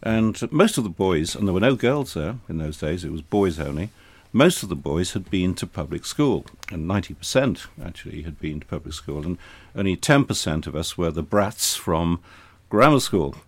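Deep-voiced older man telling anecdotes. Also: big pitch swings, moderate pace, few pauses, dry recording. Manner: anecdotal, dry humour. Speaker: interview guest, retired air force officer. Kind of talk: reminiscing in conversation.

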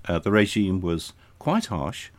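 Deep-voiced older man telling anecdotes. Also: sing-song, unhurried, dry recording. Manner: anecdotal, dry humour. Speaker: interview guest, retired air force officer. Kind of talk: reminiscing in conversation.

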